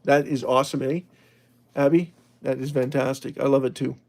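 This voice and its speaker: His voice is medium-pitched, level and darkish, at a moderate pace. He's a livestream host reading the chat casually, rambling along, frequently starting over and laughing.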